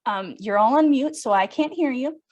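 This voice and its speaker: A young woman leads a breathing workshop over a video call, her voice sitting a little high. She talks in a chatty, upbeat way, laughing often. She acts out the anxious thoughts she describes. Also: lively intonation, normal speed, a little mellow, muffled recording. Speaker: yoga instructor. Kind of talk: live online workshop talk.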